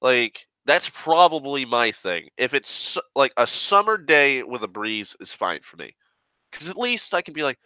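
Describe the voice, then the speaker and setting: Young man, sick, coughing, profane grumbling rant, crisp voice, dry sound. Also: mid-range voice, sing-song, unhurried, sharp tone, no echo. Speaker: online rambler. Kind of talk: casual rambling rant.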